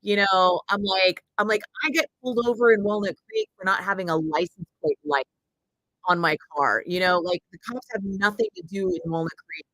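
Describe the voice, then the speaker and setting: A woman in her forties, a radio host, telling a story in casual chat, animated, swearing freely and acting out the people she quotes. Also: mid-range voice, a little fast, no room sound, low-quality recording. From Northern California.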